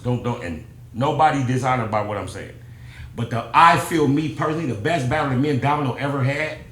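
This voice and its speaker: A man's voice: medium pitch, echoey room. A man from Long Beach, telling stories as a podcast guest in heavy slang and acting out the people he quotes. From Long Beach, California. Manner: animated, acts out quotes in shifting voices, heavy slang. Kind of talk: casual storytelling interview.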